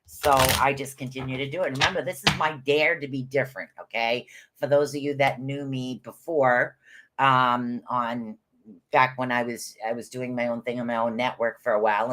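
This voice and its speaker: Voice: medium pitch, sharp tone. A host doing rune readings on a live stream, chatting loosely, rambling, and calling out viewers by name.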